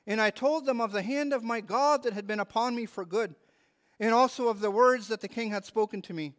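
A man's voice: sits high, brisk, big-room sound. A man preaching a sermon as pastor, earnest and repeating words as he stresses his points. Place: church hall.

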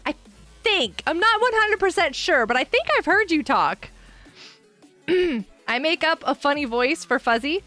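Giggly high-voiced woman streamer. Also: lively intonation, unhurried, pushed and bright, soft background music. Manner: giggly, chatty, reading chat aloud. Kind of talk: live game stream chat.

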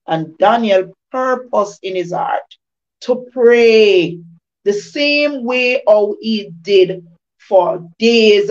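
A woman preaches in a fairly high voice, circling back to phrases with emphatic, rhythmic repetition. The recording sounds dull and lo-fi. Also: a little mellow. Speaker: devotional speaker. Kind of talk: informal testimony and preaching.

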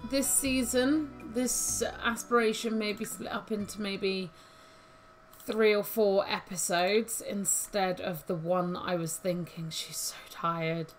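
A woman talks through her game at an unhurried, easy pace, chatty and prone to giggles as she thinks aloud. Her pitch sits in an ordinary middle range. Soft game music plays faintly behind her. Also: steady tone. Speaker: gaming YouTuber. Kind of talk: casual let's-play commentary.

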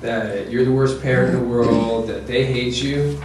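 A man giving a lively, joking parenting talk to an audience, often checking in with "okay?" and "right?". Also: medium pitch, moderate pace, far from the mic, noisy background. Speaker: presenter to parents. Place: presentation room with audience. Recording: echoey room, voice from afar.

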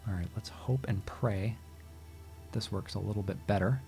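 A man with a fairly low voice talks through a let's-play session at his desk mic. He is exasperated, swears freely and scolds the game as he plays, with faint game music underneath. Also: moderate pace, vocal fry, a little mellow. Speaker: gaming channel host. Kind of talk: casual let's-play gameplay commentary.

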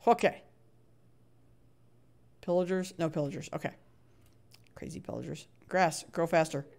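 A woman's voice: low voice, fairly even intonation, a little slow, creaky, a little mellow. A middle-aged woman talks her way through a live game stream in a loose, chatty voice. She plays up her annoyance, grumbles at the game and reads messages from chat aloud as she goes.

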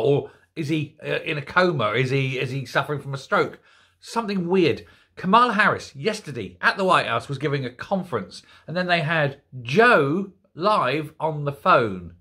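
An older man hosting an opinion commentary show, ranting in an animated, incredulous way. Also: a little high, slightly rough. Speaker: host.

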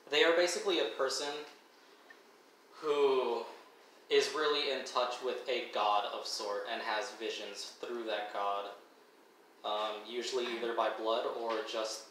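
A man narrating as dungeon master for friends, talking in a halting way with many fillers and restarts. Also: medium pitch, a bit bright, slight background noise. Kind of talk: narrating a tabletop game. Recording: echoey room mic from a distance.

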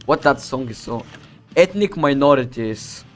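A young man from the Balkans casually commenting on his strategy game, boasting, swearing and joking to himself as he plays, with loud music behind him. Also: mid-range voice, expressive, a little slow. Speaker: streamer playing a strategy game. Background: loud background music.

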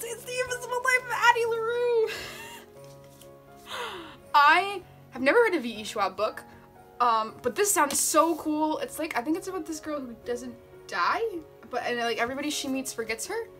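A young woman vlogging as she unboxes gifts, chatty and gushing with excitement. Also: on the high side. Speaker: book vlogger. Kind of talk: casual unboxing vlog.

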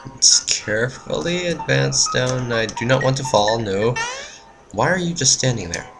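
A woman's voice: rumbling low, expressive, unhurried, creaky. A woman giving let's-play commentary on a game, easily frustrated, cursing and talking back at the enemies. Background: game music.

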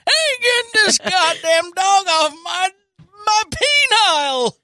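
A woman putting on the voice of a cranky, foul-mouthed old man who shouts at kids to get off his lawn, in a comedy bit. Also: very high voice, sing-song, slow pace, dry recording, pitched above the performer's own voice, heavily acted. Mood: boastful. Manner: gruff, shouting and bellowing. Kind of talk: improvised comedy bit on a podcast.

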